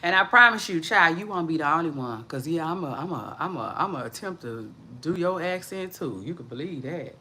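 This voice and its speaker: Lively gossip host, woman, bright voice with big pitch swings, drawling livestream chatter. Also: a little fast, hardly any pauses, a little hiss or hum. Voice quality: drawling, repeats catchphrases, calls listeners child. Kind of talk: casual celebrity gossip chat.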